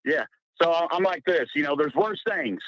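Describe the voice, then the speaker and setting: A man's voice: on the high side, moderate pace, no echo. A man from Missouri, a small-town coach, calling in and chatting confidently. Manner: chatty, confident, laughs easily. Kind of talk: call-in chat. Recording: dull dry phone line.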